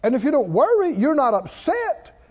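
A man preaching a sermon, calling on the congregation to answer back and building up to shouts. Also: very high-pitched, very animated, moderate pace. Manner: call-and-response, coaxing the congregation, rising to shouts. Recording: dull sound with long hall reverb.

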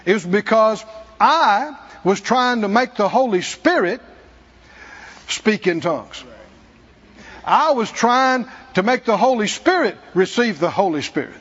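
A man preaching, telling a self-mocking personal story in an animated way. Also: high voice, measured pace, husky, big-room sound, lo-fi sound. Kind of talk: testimony sermon. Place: church.

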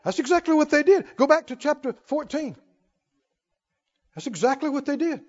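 A man with a very high voice preaches to his congregation, his pitch swinging widely as he stresses each point. He stretches key words out slowly and fires questions at the listeners. The recording sounds dull and lo-fi. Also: expressive. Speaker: pastor. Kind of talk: sermon. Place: church before a congregation.

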